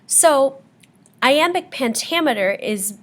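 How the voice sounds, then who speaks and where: A woman's voice: sits high, expressive, takes it slowly, fairly bright tone. Woman teacher going over poetry terms, patient, um-ing a lot while she explains. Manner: patient, explanatory, with frequent ums. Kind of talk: classroom lecture on poetry terms.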